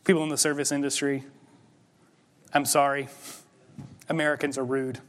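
A man's voice: medium pitch, flat delivery, normal speed, a bit bright, big-room sound. A man preaching a sermon as pastor, talking conversationally and building to emphatic peaks. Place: church sanctuary.

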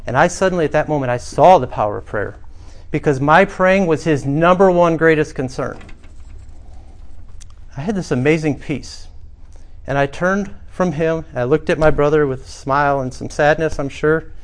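A man's voice: a little high, normal speed. A middle-aged man preaching a sermon, telling a personal story earnestly and rising to emphatic swells. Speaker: pastor.

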